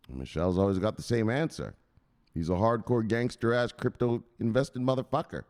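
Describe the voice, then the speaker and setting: A man's voice: on the low side, normal speed, a little mellow. A man hosting a crypto news channel in profane, joking, rambling casual commentary.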